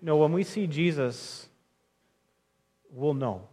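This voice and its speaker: A young male pastor delivers a sermon in an earnest, chatty way. His voice sits a little high for a man, and he often restarts phrases as he speaks straight to his listeners. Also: expressive, slow, dark tone, breathy edge. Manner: earnest, conversational preaching with frequent restarts and direct address to friends.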